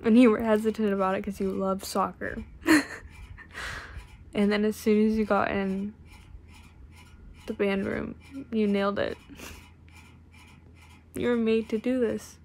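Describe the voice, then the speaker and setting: A young woman records a video message for her best friend on her phone, emotional and laughing through tears, bursting into joyful yells. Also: mid-range voice, flat delivery, measured pace, gravelly, pauses often.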